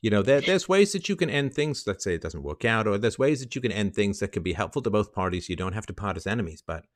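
A man's voice: lowish voice, very animated, fast, no room sound. Blunt, emphatic man giving advice. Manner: blunt, emphatic, swears, wry. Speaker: call-in show host. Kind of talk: call-in advice talk.

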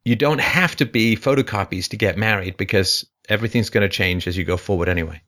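Fast and forceful, this male call-in advice host leans on rhetorical questions. His pitch rises and falls energetically.

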